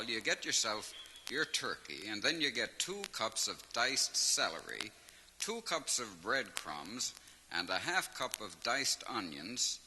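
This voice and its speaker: A man telling comic stories as a live stand-up act. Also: on the low side. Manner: animated storyteller who laughs at his own punchlines. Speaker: comedian telling jokes. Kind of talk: stand-up joke telling on record. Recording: vinyl transfer with long hall reverb and faint hiss.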